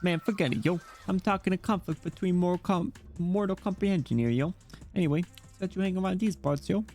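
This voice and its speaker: Dude reading as a chill swaggering penguin rapper, kinda high voice, slangy. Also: male voice, fast talker, a little mellow, faint music behind. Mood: cocky. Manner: laid-back slangy swagger, ending lines with yo.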